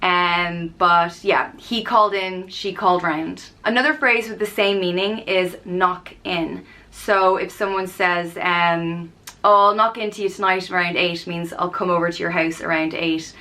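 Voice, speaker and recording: An Irish vlogger in her thirties chats casually, explaining phrases with plenty of ums and playful example lines. Her voice sits on the low side, steady in tone, pushed and bright, moving at a measured pace with hardly any pauses.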